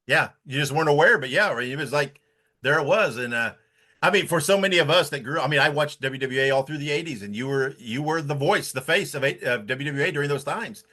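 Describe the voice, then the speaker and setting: A man's voice: a little high, fast talker, sharp tone. A man hosting a podcast who asks long, eager questions that ramble and restart. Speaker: podcast host. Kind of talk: interview questions.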